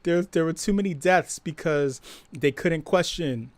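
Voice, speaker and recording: A man's voice: measured pace, no room sound. Profane laughing man with a dry close sound. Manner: profane, laughing, animated storytelling; acts out quoted voices louder and higher. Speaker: host. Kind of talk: casual live-stream talk.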